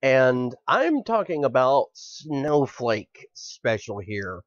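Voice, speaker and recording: A man's voice: medium pitch, big pitch swings, slow pace, no echo. A man hosting a podcast, delivering an angry, profane political rant in furious bursts. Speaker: podcast host. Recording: dull lo-fi podcast audio.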